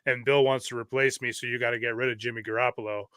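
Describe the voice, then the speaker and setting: A man from Canada co-hosting a casual sports chat, telling stories in a relaxed way and laughing easily. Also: mid-range voice, fast, clean tone, no room sound. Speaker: podcast co-host.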